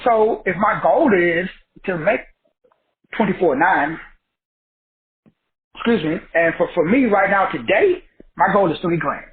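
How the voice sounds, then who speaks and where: A high-pitched man whose voice swings up and down as he preaches his lesson to a group call. He talks folksy and emphatic, throws out rhetorical questions and repeats himself for effect. The audio is thin and tinny, like a phone line. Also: animated, unhurried, pauses often. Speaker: teacher hosting a credit class.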